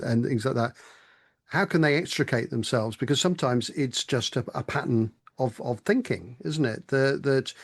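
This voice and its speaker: A man hosting a podcast, asking his guest long, thoughtful questions with some hesitation. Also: mid-range voice. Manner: thoughtful, hesitant phrasing with restarts. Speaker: podcast host. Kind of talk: interview questions.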